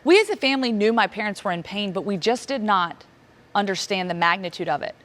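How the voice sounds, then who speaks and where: Keynote storyteller: woman in her thirties, from Virginia, emotional delivery with dramatic pauses and voice leaping up in moments of shock. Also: lively intonation, fairly bright tone. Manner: emotional, dramatic pauses, rising pitch when reliving shock. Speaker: keynote speaker. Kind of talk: personal storytelling talk.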